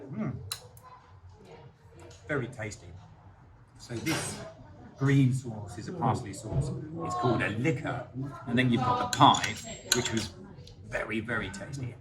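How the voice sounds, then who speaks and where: A man's voice: on the low side, slow pace, long pauses. A man hosting a vlog in a casual, enthusiastic way, chatting as he tries food. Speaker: vlogger host. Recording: loud background noise.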